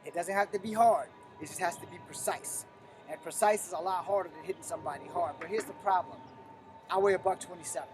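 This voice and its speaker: On a live stream, a middle-aged martial arts instructor with a high voice gives a blunt, profane, emphatic teaching talk.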